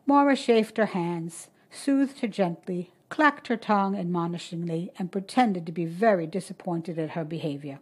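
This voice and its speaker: A woman narrating a short story in a steady, measured reading voice. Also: on the low side, breathy edge.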